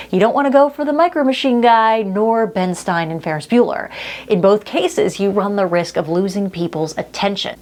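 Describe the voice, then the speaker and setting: Upbeat woman coaching on camera. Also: lowish voice. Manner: upbeat and direct, talks with her hands. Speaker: video coach. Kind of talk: on-camera tips presentation.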